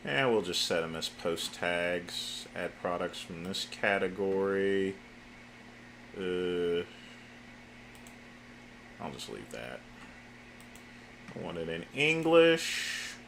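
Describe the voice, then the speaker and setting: A man's voice: low voice, animated, very slow, gravelly, pauses often, fairly bright tone, slight background noise. A man livestreaming while he works at a computer, muttering his steps to himself and cursing now and then. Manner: mutters to himself, curses in frustration. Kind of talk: casual livestream talk while working.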